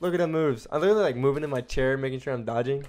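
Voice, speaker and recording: A young man giving casual, rambling commentary as he streams a video game, breaking into excited exclamations and cutting himself off mid-sentence. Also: mid-range voice, racing. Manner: chatty and rambling, with excited exclamations and self-interruptions. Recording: faint game music behind.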